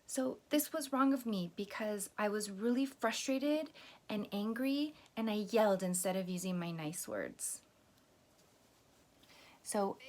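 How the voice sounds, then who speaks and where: Gentle woman teaching young children. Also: mid-range voice. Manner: gentle, patient, explaining step by step; acts out sample apologies to a pretend friend. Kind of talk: lesson for children.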